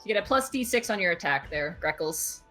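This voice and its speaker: A woman narrating as game master of a tabletop game, lively and often laughing. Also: lowish voice, fairly quick, soft background music.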